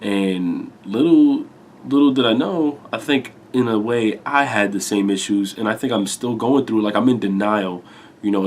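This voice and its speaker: A man in his twenties with a congested voice and low energy, talking candidly to camera in a rambling, confessional way and swearing casually. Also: a little hiss or hum. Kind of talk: candid personal talk.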